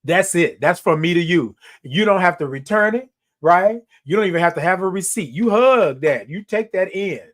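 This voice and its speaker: Here the host sounds high and a bit bright, with lively intonation and a moderate pace. He's a man in his forties addressing his live-stream audience casually and affectionately, repeating lines for emphasis.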